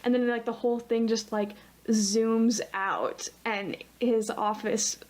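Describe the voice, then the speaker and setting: Young female co-host, a touch high-pitched, meandering and hesitant in casual chat. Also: steady tone, takes it slowly, a little mellow. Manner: rambling, hesitant, many "um"s and "like"s. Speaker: podcast co-host.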